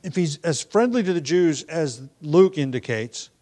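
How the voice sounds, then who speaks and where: A man's voice: on the high side, animated, unhurried, warm tone. A man giving an expository Bible lesson, thinking aloud with frequent restarts and fillers. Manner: thoughtful, self-correcting, many restarts and fillers. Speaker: Bible teacher.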